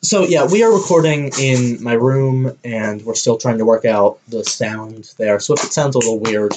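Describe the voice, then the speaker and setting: A woman's voice: rumbling low, normal speed, darkish tone, slight background noise. A young woman hosting a casual podcast from her bedroom on a stand mic with a pop filter, rambling and self-deprecating. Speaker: podcast host. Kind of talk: casual chat. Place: her bedroom, home setup. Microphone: stand-mounted mic with pop filter.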